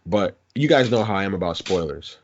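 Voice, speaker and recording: A man's voice: sits low, animated, fairly quick, slight background noise. A man co-hosting a podcast in casual chat, a chatty storyteller who corrects himself as he goes. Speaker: podcast co-host. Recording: dull lo-fi podcast recording.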